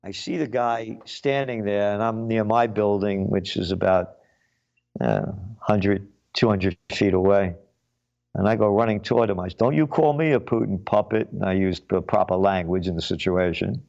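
A man's voice: fairly low pitch, steady tone, moderate pace, creaky, a little mellow, highs cut off. A man hosting his own show, delivering a blunt, combative, emphatic commentary monologue. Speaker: show host.

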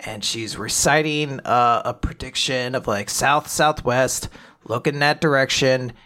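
Bright, laughing podcast man. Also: medium pitch, unhurried. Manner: animated, laughing, slips into character voices. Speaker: podcast host. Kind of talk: casual chapter recap.

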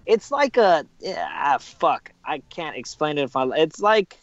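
A man with a slightly high voice, recorded dry and close. He jokes and swears loosely, stumbling over restarts in a casual podcast chat. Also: sing-song, measured pace, no echo, dull audio. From Southern California. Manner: joking, profane, stumbling restarts.

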